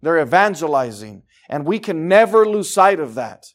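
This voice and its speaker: A man preaching a sermon with fervour, swinging from low, quiet stretches to loud, emphatic bursts. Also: very animated, normal speed.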